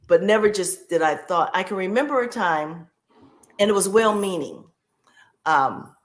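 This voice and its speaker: A woman guest on a podcast, telling a personal caregiving story in a heartfelt way and repeating key phrases for emphasis. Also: lowish voice.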